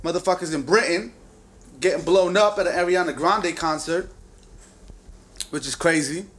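A man's voice: on the high side, moderate pace, a bit bright. A young man hosting a casual livestream chat, laid-back and profane, rambling with frequent restarts. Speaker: podcast host.

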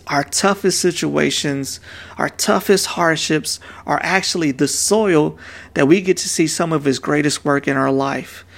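A man's voice: on the high side, creaky. A man in his thirties preaching a sermon in a casual, conversational way, dropping slang asides to the congregation. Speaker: pastor.

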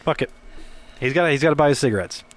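A man's voice: fairly high pitch, animated, racing. A man with a Chicago accent co-hosting a podcast in casual chat, laughing often and restarting his sentences. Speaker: podcast co-host.

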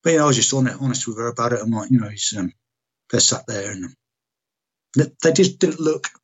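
A British man, a military veteran, telling a personal story in conversation, halting and restarting often and swearing frankly. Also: medium pitch, animated, breathy edge.

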